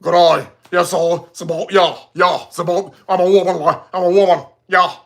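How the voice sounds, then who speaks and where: A man voicing a huge, cheerful Australian trans woman in a loud, chirpy put-on voice that keeps saying "mate". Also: sits high, fairly even intonation, normal speed, vocal fry.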